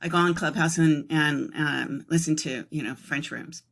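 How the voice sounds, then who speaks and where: A woman's voice: deep voice, steady tone, normal speed, creaky, fairly bright tone. A middle-aged woman hosting a casual chat, joking and laughing easily. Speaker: host.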